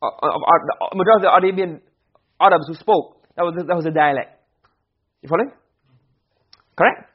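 A male teacher lectures a class on grammar, explaining points and then checking understanding with quick questions. His voice is on the high side and slightly rough, and the highs in the audio are cut off.

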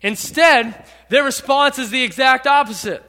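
A man preaching a sermon as pastor, dramatic, acting out quotes and rising to shouts. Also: very high voice, normal speed. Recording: long reverb of a large hall.

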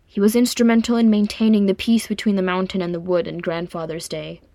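A woman's voice: medium pitch, flat delivery, a little fast, warm tone, no echo, natural voice. A woman reading a proud young male dwarf prince aloud, with a dry, wry delivery in a dry, close recording. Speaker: reader voicing a character. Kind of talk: audiobook fan fiction reading.

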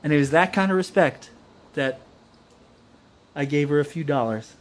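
A rambling, jokey man chatting on a podcast. His voice sits a little high for a man, and he keeps tossing in silly put-on voices as he talks. He sounds loose and unhurried. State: drinking. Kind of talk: casual comedic chat.

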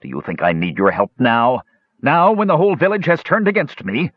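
A man voicing a proud, furious old male dwarf who rants in a shrill, sputtering, indignant way. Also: very animated, brisk, no echo. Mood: bitter. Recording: dull, dry lo-fi audiobook recording.

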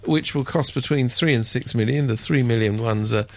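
A man chatting on a radio show, wry and sardonic, mimicking people in sudden high voices. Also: normal speed. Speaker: radio commentator. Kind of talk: casual radio chat.

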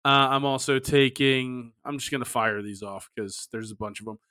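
A man's voice: mid-range voice, clear, resonant tone. A man hosting a casual sports betting podcast, running through picks and reading off odds. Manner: runs the picks, quick laughs, reads odds in a flat list. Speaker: podcast host.

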